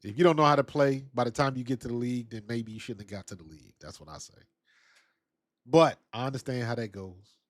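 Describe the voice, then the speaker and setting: This football stream host talks quickly in a medium-pitched voice, keeping things casual as he reads and answers the chat. The audio is clean and studio-like, with no room sound.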